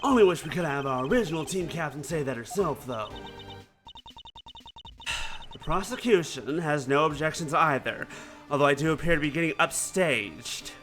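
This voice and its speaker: A man playing through a game and commenting casually, excitable, chatty and fond of swearing. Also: on the high side, normal speed, faint music behind. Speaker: let's play streamer.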